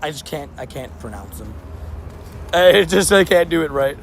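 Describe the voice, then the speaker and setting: A man's voice: on the high side, animated, normal speed, a little hiss or hum. A young man chatting casually and cheerfully on a live stream outdoors, laughing often and restarting sentences. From not from New York. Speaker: livestreamer playing a mobile game outdoors.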